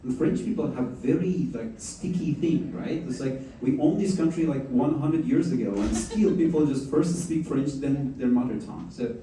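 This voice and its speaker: A man's voice: medium pitch, moderate pace, few pauses, warm tone, a little hiss or hum. A man hosting a fireside chat, joking and chatty, often restarting his sentences. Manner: chatty, jokes, many restarts. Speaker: host. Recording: echoey hall, mic at a distance.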